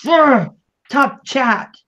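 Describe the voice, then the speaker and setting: A woman's voice: high voice, animated, extremely slow, fairly bright tone. A woman from Maryland with a slight Southern accent, hosting a casual livestream interview, teasing and giggling with her guest. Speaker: livestream host.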